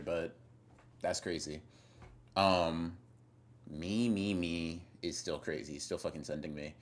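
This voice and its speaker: A young man with a very low voice chats loosely with his stream audience. He rambles, teases viewers and keeps restarting his sentences with fillers. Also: steady tone, slow, long pauses. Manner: rambling, teasing, trails off with fillers and repeats. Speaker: streamer reading chat. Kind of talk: casual live-stream chat.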